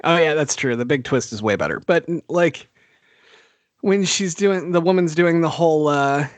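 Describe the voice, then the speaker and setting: A man with a slightly raised pitch, chatting casually about movies on a podcast. He laughs often and swears freely, and his voice comes across dry and close to the mic. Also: moderate pace, no room sound. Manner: laughing, profane, animated. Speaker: podcast co-host. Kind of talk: casual film discussion.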